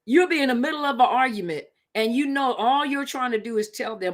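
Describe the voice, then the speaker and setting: She hosts a casual live stream about relationships, talking conversationally and with emphasis, repeating points to drive them home. Her voice is high, animated and brisk.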